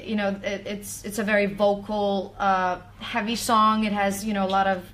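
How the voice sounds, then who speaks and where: A woman's voice: mid-range voice, little pitch movement, moderate pace, fairly bright tone, a little hiss or hum. A woman singer chatting casually on a livestream, rambling with many "you know"s and laughs. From Iceland. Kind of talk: casual chat.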